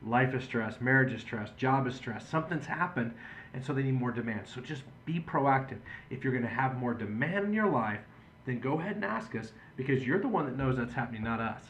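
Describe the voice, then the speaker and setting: A man's voice: mid-range voice, animated, fairly quick, fairly bright tone, a little hiss or hum. Earnest man explaining to patients. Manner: earnest, conversational storytelling. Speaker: chiropractor. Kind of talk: patient education video talk.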